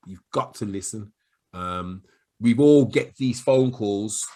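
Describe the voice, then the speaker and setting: Husky Black Country man coaching sales. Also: mid-range voice. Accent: Black Country English. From Black Country, England. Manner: chatty, animated, acts out quick voices of callers and himself. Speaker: sales trainer. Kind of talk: talking-head sales advice to camera.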